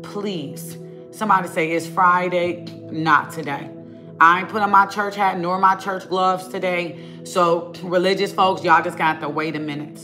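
A woman preaching to her online viewers in a fiery, scolding rant. Her voice is bright and sharp, and she hammers her points home through repetition. Faint music plays underneath her. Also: on the low side, steady tone, moderate pace. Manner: emphatic, scolding, repetitive, colloquial. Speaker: online prophetic minister.

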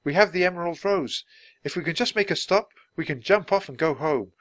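A man's voice: a little high, lively intonation, fairly quick, a bit bright, no echo, pitched above the performer's own voice. A man reading aloud and voicing an eager, anxious young boy who keeps calling out urgently.

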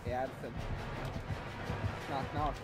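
A man's voice: mid-range voice, level tone, slow, loud music behind the voice. A man co-hosting a game stream, teasing his friend with playful, laughing commentary.

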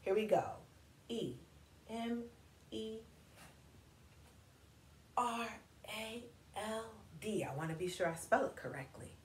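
A woman reading a picture book aloud to children, slowly spelling out words and inviting them to clap syllables with her. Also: fairly high pitch, distant mic. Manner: slow, encouraging, spells and claps words with kids. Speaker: storytime reader. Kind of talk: children's read-aloud lesson. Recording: echoey room with faint noise.

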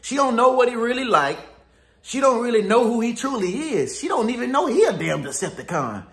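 Slangy animated man, echoey room. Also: very high-pitched, a little fast. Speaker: spiritual relationship advisor. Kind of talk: casual pep-talk monologue.

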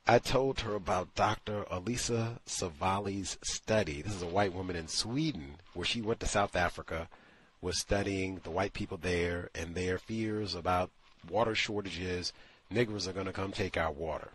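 A man's voice: sits low, moderate pace, husky. A man hosting a call-in talk show, speaking in an emphatic, incredulous monologue. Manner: emphatic, incredulous, acts out quotes. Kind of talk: opinionated radio monologue.

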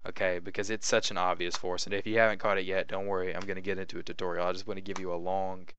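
A man's voice: low voice, flat delivery, rapid-fire, a bit bright, highs cut off, a little hiss or hum. A young man casually teaching a card trick, chatty and demonstrative, often checking in with "okay?". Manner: chatty, repeats "okay?" to check in, acts out patter. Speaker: magic tutorial host.

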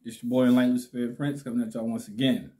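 A man hosting his own vlog in a relaxed, slangy way, talking with a slight lisp because his cheeks are swollen. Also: medium pitch. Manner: slow, laid-back, slangy, laughs often. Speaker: channel host. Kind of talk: casual vlog talk to camera.

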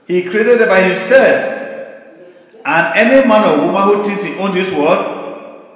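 An older man preaching a sermon as pastor, in an emphatic, repetitive cadence with slow, stressed phrases. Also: sits high, a bit bright. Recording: very echoey hall with long reverb.

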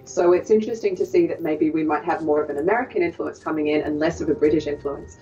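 A woman's voice: low voice, fast, mellow. A woman, a coach, explaining things thoughtfully with frequent hesitations. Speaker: accent coach. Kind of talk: explanatory interview answers. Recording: distant, muffled voice with music.

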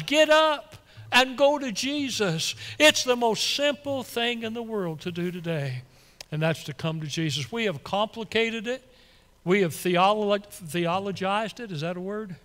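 Man, pastor, high voice, excitable folksy preaching, long church echo. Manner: excitable, folksy, stumbles and repeats when worked up. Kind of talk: sermon. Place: church sanctuary.

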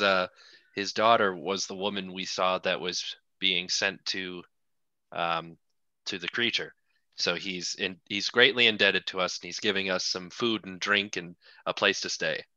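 Stammering man with a very bright voice. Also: low-pitched, steady tone, unhurried, dry recording, dull audio. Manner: stammering, polite explanations. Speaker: player. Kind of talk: casual tabletop play.

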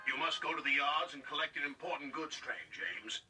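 Stern storybook boss, done by a man, low and quiet, firm. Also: lively intonation, moderate pace. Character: stern male railway boss. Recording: distant voice under loud music.

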